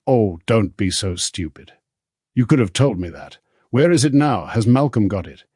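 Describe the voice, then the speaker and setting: A man with a husky voice reading the part of an angry, hurt young woman in an audiobook. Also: fairly low pitch, animated, moderate pace, a little mellow, no room sound, studio quality. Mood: impatient.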